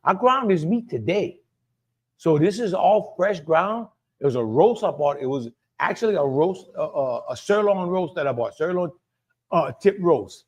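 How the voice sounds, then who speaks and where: A man's voice: fairly high pitch, expressive, moderate pace, a little mellow. Chatty Cajun man hosting a cooking show. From Louisiana. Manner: chatty, repeats himself, talks to viewers by name. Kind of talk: live cooking demonstration.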